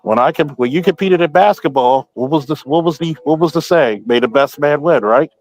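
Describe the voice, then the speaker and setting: A man's voice: on the high side, fairly quick, low-quality recording. A man talks in casual podcast chat with a blunt, profane edge. He tells stories by quoting himself again and again. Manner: quotes himself often.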